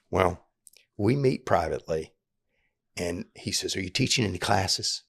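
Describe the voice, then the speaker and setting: A man's voice: low voice, a little slow, gravelly, pauses often, slightly rough, no room sound, clean studio sound. A middle-aged man telling a story in casual talk, acting out the people in it with many repeats and restarts. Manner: animated, acts out quoted voices, repeats and restarts often. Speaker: podcast guest telling his prison story.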